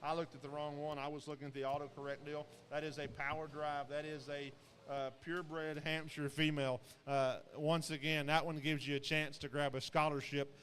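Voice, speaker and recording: Man, sale-barn commentator, higher voice, rambling folksy delivery, long hall echo. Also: little pitch movement, normal speed, a bit bright. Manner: rambling, folksy, frequent fillers and restarts. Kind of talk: live auction commentary on show pigs.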